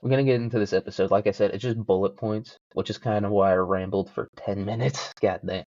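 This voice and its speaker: A man's voice: on the low side, fairly even intonation, fast talker, a little mellow, no echo, lo-fi sound. A young man hosting a solo podcast, rambling casually with lots of swearing and self-mocking jokes. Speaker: podcast host.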